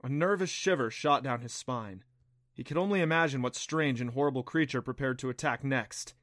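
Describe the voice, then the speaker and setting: A man narrating a children's adventure audiobook in a steady, clear storytelling voice. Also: mid-range voice, fairly quick, no echo, studio quality. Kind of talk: scripted narration.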